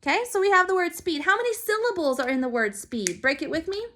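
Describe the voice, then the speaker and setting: A woman teaching a phonics lesson to young children, sounding out letters and syllables slowly and clearly. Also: very high voice, expressive, background noise. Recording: recorded for remote learning.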